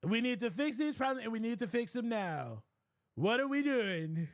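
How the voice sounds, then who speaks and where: A man's voice: extremely high pitch, very animated, moderate pace, dry recording, studio quality, full character voice. A man voicing a brash male president on a conference call, blustering and repeating himself. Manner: blustering, repetitive.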